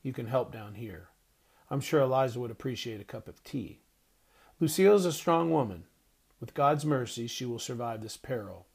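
A man reading an audiobook voicing a stern, educated doctor who speaks bluntly and gruffly. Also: mid-range voice, lively intonation, moderate pace, darkish tone. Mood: grave.

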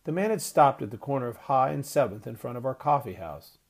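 A man reading a story aloud as narrator, steady and measured. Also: mid-range voice. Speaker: audiobook narrator. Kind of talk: scripted narration.

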